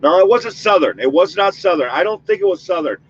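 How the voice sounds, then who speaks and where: A man's voice: sits high, animated, fairly quick, a little hiss or hum. Rambling man with dull lo-fi sound. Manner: chatty, rambling, leads a spoken protection prayer. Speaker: paranormal investigator host. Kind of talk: casual talk to an audience.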